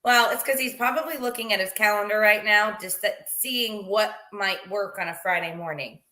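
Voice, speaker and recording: A woman's voice: medium pitch, normal speed, bright, forceful tone. A woman hosting a casual live video show, chatty, laughing easily and reading out viewer comments. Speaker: show host.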